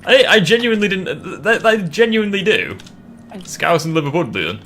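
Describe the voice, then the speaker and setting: A man's voice: sits high, big pitch swings, moderate pace, a bit bright, slight background noise. A man hosting a casual gaming stream, joking and bantering with chat. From England (York). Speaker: streamer host.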